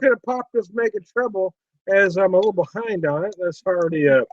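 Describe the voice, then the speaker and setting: High, giggly man cracking crude jokes. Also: animated, a little fast, dry recording, highs cut off. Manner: giggly, profane, keeps laughing at his own jokes. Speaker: beer and whiskey vlog host. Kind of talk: casual, rowdy drinking chat.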